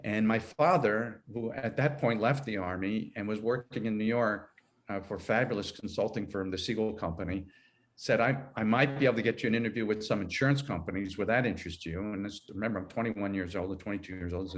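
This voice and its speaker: A man's voice: fairly low pitch, fast. A man in his sixties, an HR consultant, talking through his career in a rambling, self-correcting way and laughing easily. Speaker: guest, HR consultant. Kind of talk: conversational interview.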